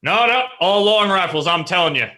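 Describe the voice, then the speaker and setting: A brash backwoods Florida man talks over everyone in a loud, folksy, insistent way, raised and high. His voice is sharp and bright. A man puts him on while telling a story. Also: expressive, a little fast.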